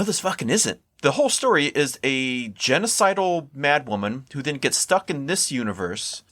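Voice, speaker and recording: A man's voice: mid-range voice, sharp tone, no room sound. A man co-hosting a podcast in casual chat, giving blunt, dismissive verdicts. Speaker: podcast co-host.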